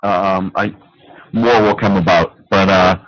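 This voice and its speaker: A man's voice: deep voice, steady tone, measured pace, fairly bright tone, no echo. A man hosting a casual call-in radio show, joking with his co-host and a caller. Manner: joking, laughs often. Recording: dull dry lo-fi stream audio.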